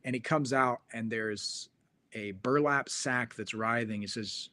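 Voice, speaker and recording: A man's voice: mid-range voice, fairly even intonation, a little fast, bright, forceful tone. A male host in casual chat, telling a rambling story with plenty of fillers.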